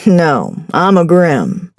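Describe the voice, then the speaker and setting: A woman voicing an impatient male grim reaper in an audiobook, speaking curtly in a deep southern drawl. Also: huge pitch swings, no echo, studio quality, exaggerated voice. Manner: curt, brisk, a little annoyed. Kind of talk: audiobook character voice.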